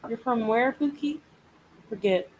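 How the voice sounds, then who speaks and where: A woman's voice: on the high side, measured pace, slight background noise, poor audio. A woman hosting a casual live chat, venting and swearing as she animatedly retells a frustrating week. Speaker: live stream host.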